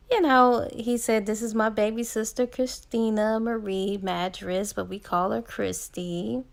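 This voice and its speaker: Young woman book vlogger, chatty, laughs a lot; slow, with vocal fry. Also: medium pitch. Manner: chatty, laughs often, many fillers. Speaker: book reviewer. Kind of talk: casual book retelling.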